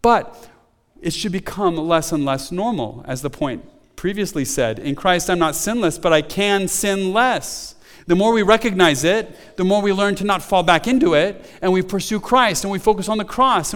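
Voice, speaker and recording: A man's voice: high-pitched, big-room sound. A man preaching a sermon as a pastor, talking conversationally with frequent restarts and rising to emphatic quotes.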